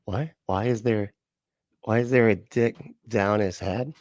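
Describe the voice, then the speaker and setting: Reacting to videos on his livestream, a man jokes around and rambles, swearing a lot and laughing often. His voice sits on the low side with a darkish tone and an unhurried delivery. The audio is studio quality with no echo.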